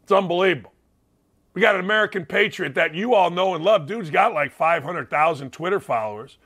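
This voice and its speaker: A man's voice: high-pitched, brisk, fairly bright tone, slightly rough. A middle-aged man from Indiana hosting a sports talk show, blunt and fired up, repeating phrases for emphasis. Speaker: sports radio host. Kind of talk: opinionated talk show monologue.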